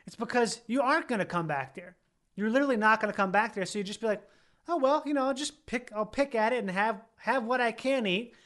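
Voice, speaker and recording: Man, high voice, rambling, restarts sentences, casual chat. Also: quick pace, a bit bright. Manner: rambling, self-correcting, laughing.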